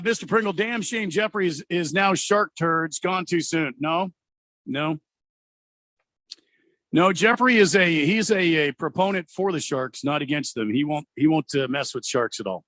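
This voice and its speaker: A man's voice: fairly high pitch, fairly bright tone, no room sound. A man hosting sports talk radio, joking around and reading listener messages in a teasing, mocking way. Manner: mocking, mimics players in sarcastic voices.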